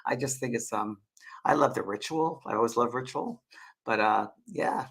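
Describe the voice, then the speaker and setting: Guy hosting a live chat, husky breathy voice, kinda halting and rambly, repeats himself a lot. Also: medium pitch, a bit bright, poor audio. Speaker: host and spiritual medium. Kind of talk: casual live-stream chat answering viewers.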